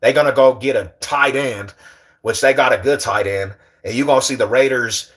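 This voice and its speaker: A man hosting a casual livestream, talking slangy and animated, teasing and bantering with his chat. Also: mid-range voice, moderate pace. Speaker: livestream host.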